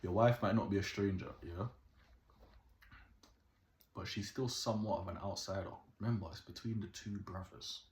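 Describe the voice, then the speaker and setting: Young Caribbean-born male storyteller, very deep voice, lively and preachy, roomy echo. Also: moderate pace, long pauses. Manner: animated, keeps asking "yeah?", moralizing. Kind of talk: casual storytelling to camera. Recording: echoey room.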